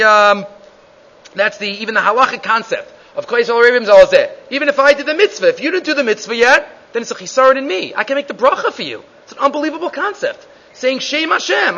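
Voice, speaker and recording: A man's voice: very high-pitched, bright, forceful tone. A man teaching a Gemara class, reading the Hebrew and Aramaic text in a sing-song chant and explaining it in English, with many restarts. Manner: reads Hebrew and Aramaic text aloud, then translates into English. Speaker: Talmud teacher. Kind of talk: Gemara shiur. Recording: dull lo-fi recording.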